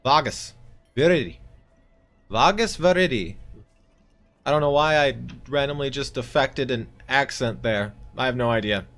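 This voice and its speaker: A man's voice: mid-range voice, fairly even intonation, moderate pace, a bit bright, soft background music. A man casually commenting on his own card game, talking to his opponent with mock-exasperated outbursts. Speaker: streamer playing a card game.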